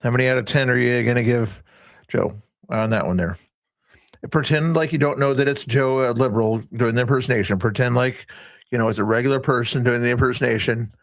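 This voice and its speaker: Man, mid-pitched, chatty stream host, reads chat aloud. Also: a little fast, dry recording. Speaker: livestream host. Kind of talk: casual livestream chat.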